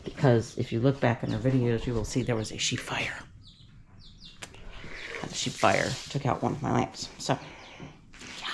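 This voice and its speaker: A woman's voice: steady tone, normal speed, pauses often. A woman filming a casual farm vlog, chatting as she sets up a pen and fusses over her ducks and chicks. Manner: chatty, talks to her ducks in a high sing-song baby voice. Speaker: farm vlogger. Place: outdoor farm pen with poultry. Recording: clear poultry noise in the background. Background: birds clucking and chirping.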